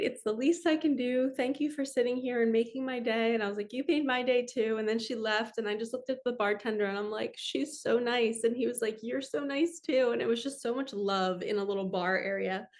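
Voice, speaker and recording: A woman hosting a spiritual talk, telling a personal story in an earnest, heartfelt, chatty way. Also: a little high. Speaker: spiritual podcast host.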